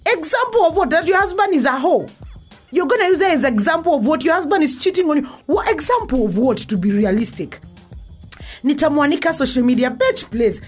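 Brash high-voiced Kenyan woman ranting. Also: very animated, brisk, faint music behind. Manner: brash, profane, code-switching. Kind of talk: casual storytelling rant.

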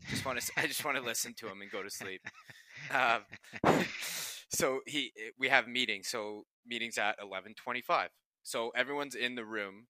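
Young man, podcast co-host, bright tense voice, clean dry sound, casual storytelling with lots of laughs. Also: medium pitch, normal speed, dry recording. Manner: laughs often while telling stories, swears casually.

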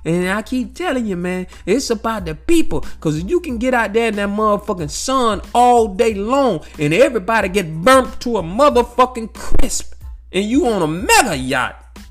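A vlogger with a high-pitched voice shares his views on life at a moderate pace, soft music playing underneath. His casual, profane monologue is aimed straight at his listeners, animated and repetitive, circling back to the same phrases and dropping "you know what I'm saying" again and again.

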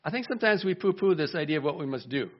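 A man preaching a sermon in a lively way, acting out the voices he quotes and asking his congregation questions. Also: a little high, very fast. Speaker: pastor. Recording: dull lo-fi recording.

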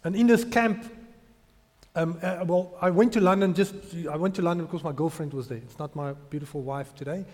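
Guy preaching, fairly high voice, long echo off the hall, gets loud and emotional telling his story. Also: a little fast. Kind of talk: sermon testimony.

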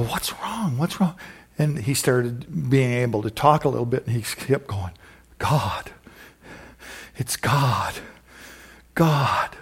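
Middle-aged male pastor, mid-pitched, exuberant, rambling sermon delivery with whoops. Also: gravelly, husky. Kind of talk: sermon with closing prayer.

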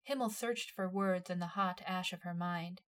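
A woman narrating a dramatic story in a measured, expressive reading voice. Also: on the low side, clean tone. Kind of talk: storytelling narration of fan fiction.

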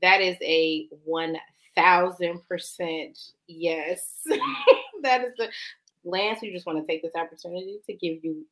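A woman's voice: on the low side, measured pace, gravelly, a bit bright, poor audio. A woman co-hosting a podcast, talking in a blunt, brash, joking way. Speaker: podcast co-host. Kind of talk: casual chat.

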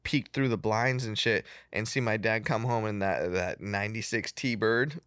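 A man telling a childhood story in casual podcast chat, profane and animated, laughing often. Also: fairly low pitch, normal speed, smooth, no room sound, studio quality.

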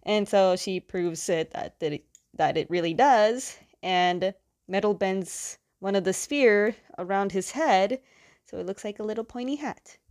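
A woman's voice: medium pitch, unhurried, darkish tone. A young adult woman casually recapping a story's plot in a loose, chatty way, with lots of fillers. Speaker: comic book reviewer.

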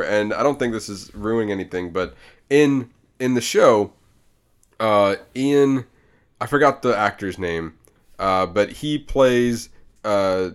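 A man co-hosting a casual movie podcast, retelling shows in an animated way. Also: on the low side. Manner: animated, acts out scenes while retelling. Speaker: podcast co-host. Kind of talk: casual chat.

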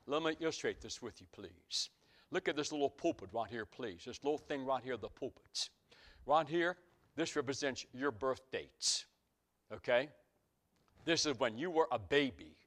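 A man's voice: medium pitch, a bit bright. A middle-aged man, preaching a sermon with folksy stories that climb to emphatic peaks.

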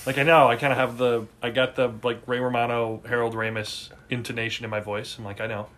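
A man's voice: medium pitch, little pitch movement, quick pace, a bit bright. A man co-hosting a podcast, telling easygoing, self-deprecating stories in casual chat. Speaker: podcast co-host.

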